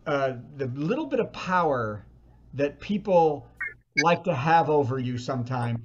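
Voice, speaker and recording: A man's voice: on the high side, expressive, a little slow, muffled recording, a little hiss or hum. A man hosting a virtual comedy show, telling a rambling stand-up story over a video call and searching for words as he goes.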